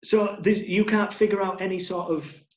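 A man speaks in a measured, reflective way with a wry edge, his voice fairly high. The recording sounds roomy and slightly dull. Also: steady tone. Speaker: podcast co-host. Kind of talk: casual chat.

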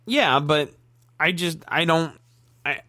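A man's voice: fairly high pitch, lively intonation, slow pace, bright, forceful tone, dry recording, studio quality. Ranting frustrated sports talk man. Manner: frustrated, profane ranting with repeated stammers.

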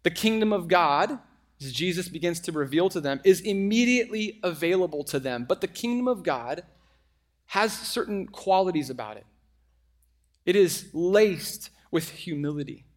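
A middle-aged man preaching a sermon, conversational and animated, with frequent asides to the congregation. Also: high-pitched, normal speed. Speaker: pastor.

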